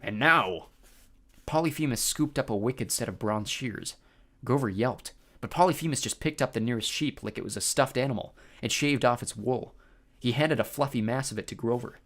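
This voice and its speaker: A man narrating a first-person audiobook with expressive storytelling. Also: medium pitch, brisk.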